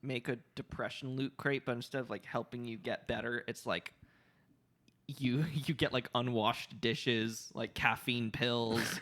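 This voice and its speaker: A man's voice: mid-range voice, fairly even intonation, unhurried, a bit bright, a little hiss or hum. A man guesting on a comedy podcast, riffing on jokes with frequent laughter. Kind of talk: casual comedy chat.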